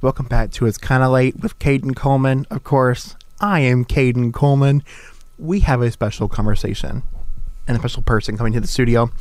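A man's voice: medium pitch, dry recording. A young man hosting a talk show, bantering playfully and gushing over his guests. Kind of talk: casual banter.

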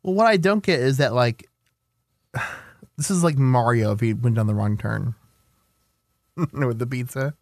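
A man's voice: medium pitch, measured pace, long pauses, no room sound. Young man co-hosting, dry close sound. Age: young adult. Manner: playful, reads out news items. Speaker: podcast co-host. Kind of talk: casual chat.

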